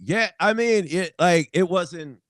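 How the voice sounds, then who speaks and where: A man's voice: high voice, lively intonation, slow, a bit bright, dry recording. A young adult man, a guest musician, telling stories in casual chat, laughing often and swearing freely.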